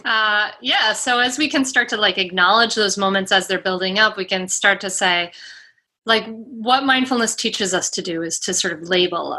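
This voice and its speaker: A woman's voice: medium pitch, normal speed, sharp tone. A woman guest explaining mindful parenting in a casual interview, chatty and full of fillers, giving examples as she talks.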